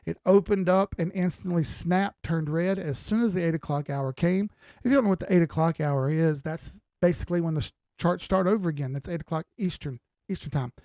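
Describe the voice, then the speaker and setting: A man's voice: fairly high pitch, fairly quick, dark tone, dry recording, studio quality. A tired man giving casual live-stream commentary on crypto charts, talking in a loose, folksy way and often repeating himself. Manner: conversational, repeats phrases, folksy slang. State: tired, yawning.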